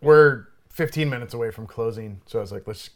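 A young adult man, a bartender, telling a story in casual chat, swearing freely and loudly acting out what he said. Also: mid-range voice, brisk. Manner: animated, swears freely, loudly acts out his own quoted lines.

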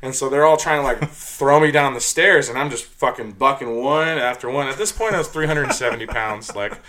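A man spinning a rowdy bar story in relaxed conversation, cursing often and leaning on filler words as he goes. His voice sits at an ordinary middle pitch, neither high nor low. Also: brisk, a little hiss or hum. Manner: profane, animated storytelling with many fillers. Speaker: storyteller recounting his bouncer work. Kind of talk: casual chat.

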